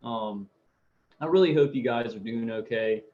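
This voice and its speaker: A man hosting a late-night livestream from home, talking in a rambling, halting way with many fillers and greeting viewers by name. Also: medium pitch, a little mellow, a little hiss or hum. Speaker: livestream host. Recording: dull lo-fi sound.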